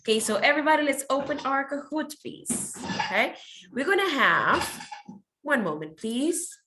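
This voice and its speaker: A woman's voice: sits high, sing-song, moderate pace, bright, forceful tone, slight background noise. Upbeat woman teaching English. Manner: encouraging, praises often, switches to Spanish. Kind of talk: online class teaching.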